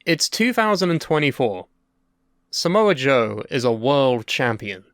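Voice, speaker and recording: A man's voice: medium pitch, big pitch swings, measured pace, a bit bright, no echo, studio quality. A young man co-hosting a podcast in casual, sweary and wry chat about wrestling, sharing strong opinions. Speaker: podcast co-host.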